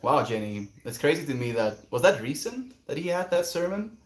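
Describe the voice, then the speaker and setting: A man's voice: on the high side, big pitch swings, normal speed, slight background noise. Reflective man chatting on a livestream. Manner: reflective, reads viewer messages aloud and muses on them. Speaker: livestreamer reading chat. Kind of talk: casual livestream chat. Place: outdoors, quiet spot.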